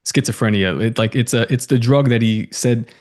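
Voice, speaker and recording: A man's voice: medium pitch, normal speed. Man retelling a story as a podcast guest. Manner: animated storyteller. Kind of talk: casual podcast conversation.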